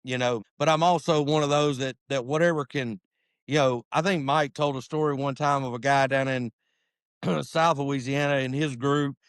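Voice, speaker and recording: A male podcast host chats casually and rambles, filling his talk with "you know" and "man." His voice has a middle pitch. The sound is dry and close. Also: moderate pace, clear, resonant tone, no echo. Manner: rambling, relaxed, many fillers like "you know".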